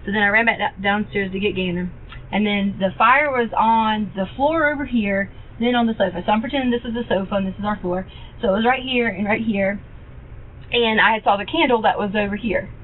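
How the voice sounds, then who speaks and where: A woman talking in a recorded police interview, rambling and halting with many fillers and restarts. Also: medium pitch. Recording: tinny phone-like archive audio with faint hiss.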